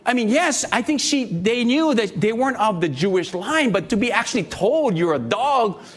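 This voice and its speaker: A man's voice: sits high, very animated, moderate pace. A man in his fifties preaching a sermon, talking conversationally, joking and asking the congregation questions. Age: 50s. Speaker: pastor.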